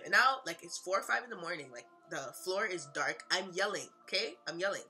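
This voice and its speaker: A young woman recounts a personal story in a bright, forceful voice. She talks casually, full of slang and fillers, and swings between near-shouting and hushed moments. Soft music plays faintly underneath. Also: mid-range voice, normal speed. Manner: animated, slangy, lots of "like", swings loud and quiet. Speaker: vlogger, mother. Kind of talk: emotional storytime retelling.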